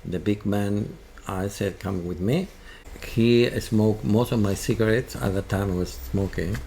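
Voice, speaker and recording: A man with a Spanish accent, a guest telling a halting, animated story in an interview. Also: lowish voice, gravelly. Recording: faint background noise.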